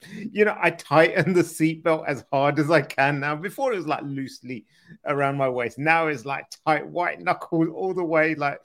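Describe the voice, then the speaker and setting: A man's voice: on the high side, fairly bright tone. A British man co-hosting a podcast, chatting casually and joking with frequent laughs. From Britain. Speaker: podcast co-host.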